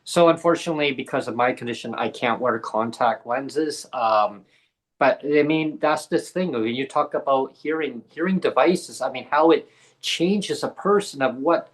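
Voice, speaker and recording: A man's voice: medium pitch, moderate pace. A man co-hosting a podcast, telling a personal story in a rambling way, full of fillers and acted-out dialogue. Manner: rambling, many fillers, acts out quoted dialogue. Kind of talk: casual storytelling in a video podcast.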